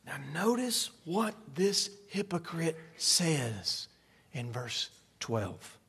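A male pastor preaching a sermon into a close microphone, moving between quiet asides and dramatic shouted passages. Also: fairly high pitch, sing-song, very slow, breathy edge. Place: church sanctuary.

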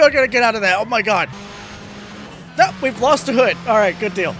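A man hosting a let's play of a racing game, excitable, yelping and cursing at the game and joking about his own driving. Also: high-pitched, brisk, pauses often. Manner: self-deprecating joking. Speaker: gaming video host. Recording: game music behind.

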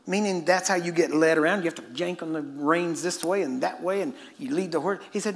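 A man's voice: a little high, a little fast, gravelly. A middle-aged man preaching a sermon in a conversational way, often asking his listeners "Amen?" and acting out the voices he quotes. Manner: acts out quoted voices and chuckles mid-point.

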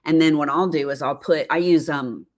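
Woman, fifties, low-pitched, chatty, laughs often, live-stream host. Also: fairly even intonation, normal speed. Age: 50s. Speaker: livestream host, former makeup artist. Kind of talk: casual live-stream chat reading viewer comments.

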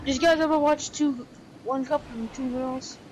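A woman gamer chatting casually, excitable and shrieking with lots of swearing. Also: high-pitched, moderate pace. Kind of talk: casual chat while gaming.

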